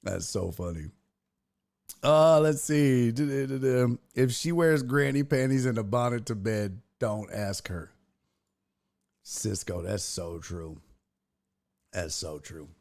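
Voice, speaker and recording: A man's voice: medium pitch, slow pace, gravelly, long pauses, darkish tone. A man hosting a casual livestream show, joking crudely and laughing as he reads viewer comments. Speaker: podcast host.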